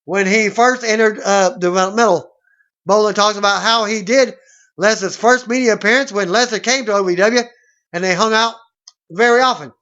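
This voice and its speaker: A man's voice: sits high, normal speed, bright, forceful tone. A man reading out wrestling news items, sometimes stumbling over names. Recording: dull lo-fi recording.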